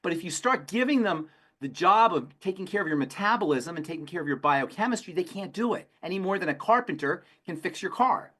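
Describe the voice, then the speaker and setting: A man, a pharmacist on a health show, answering questions in an emphatic, rapid-fire way and repeating his key phrases. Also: high voice, expressive, sharp tone. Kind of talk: call-in health talk.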